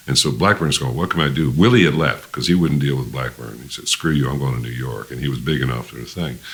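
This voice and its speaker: An older man with an extremely deep voice that still carries a bright, forceful edge. He is a veteran musician spinning rambling anecdotes in an interview, circling back, restarting and chuckling as he goes. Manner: rambling anecdotal storyteller, many restarts and laughs. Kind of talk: storytelling interview.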